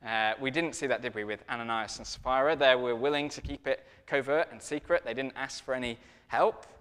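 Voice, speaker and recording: A man preaching a sermon in a lively, conversational storytelling way. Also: medium pitch, brisk, clean tone, in a large hall.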